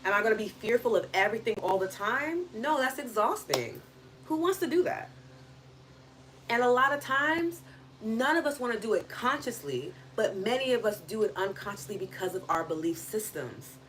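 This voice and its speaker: A woman's voice: a little high, lively intonation, moderate pace, a bit bright, slight background noise. A young woman hosting a wellness live stream, talking in an earnest, reflective way with lots of "like" and acted-out inner voices. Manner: acts out inner voices in quoted asides. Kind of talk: casual live-stream talk.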